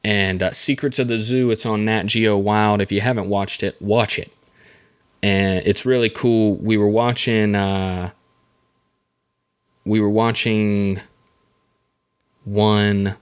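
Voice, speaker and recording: A man's voice: on the low side, fairly even intonation, takes it slowly, long pauses, smooth. A man hosting a casual solo podcast, rambling through the topic with jokey asides and self-mocking comments. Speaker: podcast host.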